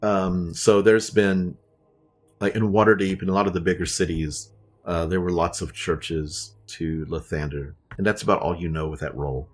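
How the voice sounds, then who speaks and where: A man runs a tabletop game, describing rooms and people in a relaxed, offhand way with plenty of fillers. His voice sits on the low side. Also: moderate pace, soft background music. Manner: loose, casual narration with fillers. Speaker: dungeon master.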